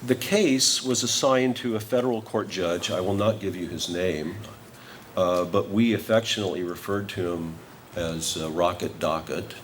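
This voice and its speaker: Storytelling man with a low voice. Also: slight background noise. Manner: storytelling with comic timing. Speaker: award honoree giving a speech. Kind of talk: humorous anecdotal acceptance speech.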